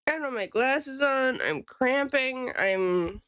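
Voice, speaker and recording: A woman's voice: high voice, lively intonation, takes it slowly, fairly bright tone, smooth, no echo. A woman streamer and illustrator chatting casually with her live viewers, rambling and greeting them by name.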